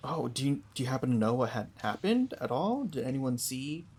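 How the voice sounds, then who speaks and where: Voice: medium pitch, very animated, fairly quick, a little mellow, slightly rough. A tabletop player speaks hesitantly, often trailing off and restarting. The voice shifts between character speech and table talk.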